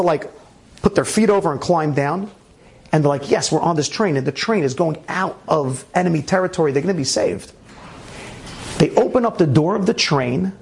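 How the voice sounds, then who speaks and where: A man telling a story casually, animated, with frequent restarts and laughter. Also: fairly high pitch, creaky, a little hiss or hum.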